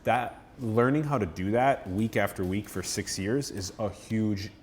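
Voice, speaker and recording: A man's voice: fairly low pitch, measured pace, darkish tone, a little hiss or hum. A man hosting a podcast interview, encouraging the guest and prompting him along. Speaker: podcast host. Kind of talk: interview chat.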